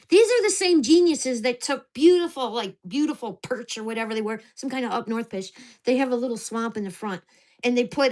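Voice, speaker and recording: A woman vlogger at home, venting angrily and swearing about her neighbors. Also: on the high side. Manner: ranting, profane, indignant. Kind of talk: angry venting vlog.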